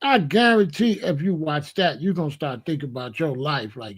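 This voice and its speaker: A man's voice: fairly high pitch, animated, normal speed, husky. A man hosting a live reaction stream, talking casually to his chat, repeating himself and tossing questions to the audience. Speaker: commentary channel host.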